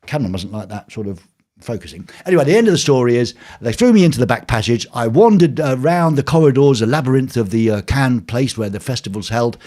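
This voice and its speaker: An older man tells a story from his home, hosting his own live stream. His pitch moves widely as he acts out the voices of the people in it. He sits at a middle pitch and talks in a lively, animated way. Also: fast. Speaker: host.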